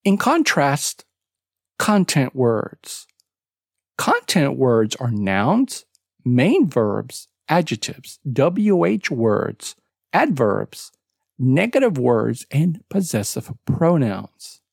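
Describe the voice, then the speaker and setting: Slow, animated podcast pronunciation teacher. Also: mid-range voice, gravelly, no room sound, studio quality. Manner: slow, deliberate explaining with emphatic word stress; spells out web addresses letter by letter. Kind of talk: podcast lesson.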